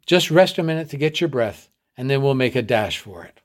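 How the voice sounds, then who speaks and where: A man's voice: mid-range voice, lively intonation, fairly quick, close to an everyday voice. A man reading the part of an adult superintendent guiding a boy, firm and reassuring. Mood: urging. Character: steady, encouraging adult male superintendent and guide.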